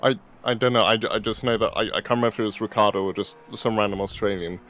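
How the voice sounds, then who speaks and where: Low-voiced co-commentator, dry quips. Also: male voice, quick pace, fairly bright tone. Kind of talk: live race commentary with banter.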